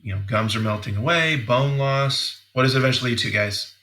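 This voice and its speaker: A middle-aged man coaching dental teams in a training seminar, energetic and repeating words as he acts out example questions. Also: mid-range voice, a little fast.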